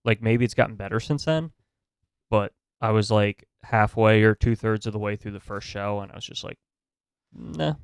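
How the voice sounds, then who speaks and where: A man co-hosting a podcast in laid-back casual chat, pausing often on small fillers. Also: lowish voice, fairly even intonation, smooth, no room sound, clean studio sound. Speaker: podcast co-host.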